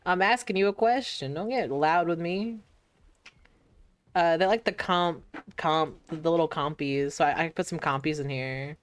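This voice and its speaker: Casual woman streamer, low and clear voice, easygoing banter over gameplay. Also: moderate pace. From United States. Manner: chatty, laughs often, playful swearing.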